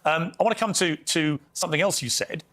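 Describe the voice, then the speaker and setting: Brisk, pressing male interviewer. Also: on the high side, fairly bright tone. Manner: pressing, pointed. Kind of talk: pointed interview questioning.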